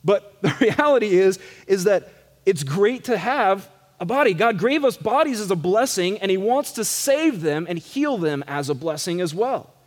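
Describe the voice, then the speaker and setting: A middle-aged man preaches in a high, light voice. His delivery is conversational and self-deprecating rather than grand. The church live-stream recording carries a long reverb tail. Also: lively intonation, normal speed. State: some gray hair. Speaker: pastor. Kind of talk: sermon. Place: church sanctuary.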